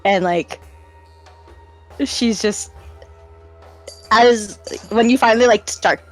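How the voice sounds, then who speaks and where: A woman's voice: fairly high pitch, slow, soft background music. A woman playing a tabletop game, casually narrating her character's actions with giggles. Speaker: player.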